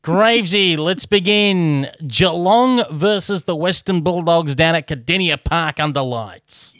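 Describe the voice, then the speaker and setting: Dry-humoured aussie host running the footy tips, close dry sound. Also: male voice, fairly high pitch, measured pace, fairly bright tone, dry recording. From Victoria, Australia. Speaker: podcast host. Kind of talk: casual sports chat.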